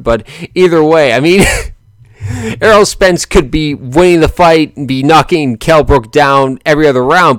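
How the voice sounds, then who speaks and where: A man's voice: medium pitch, clean tone, dry recording, clean studio sound. A man giving casual boxing commentary in a rambling, joking way, often correcting himself and laughing.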